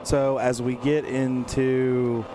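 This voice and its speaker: A man's voice: medium pitch, little pitch movement, slow. Easygoing male interviewer at a noisy track. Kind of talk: casual interview.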